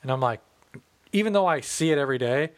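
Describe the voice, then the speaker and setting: Man, thirties, from the Midwest, casual chat, profane animated storyteller, fairly high voice. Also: fast talker. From American Midwest. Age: 30s.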